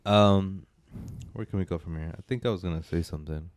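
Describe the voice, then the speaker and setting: A man's voice: low-pitched, fairly quick, a little mellow, dry recording. A man co-hosting a movie podcast, chatting casually with a joking, rambling manner and big swings in energy. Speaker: podcast co-host. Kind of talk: casual chat.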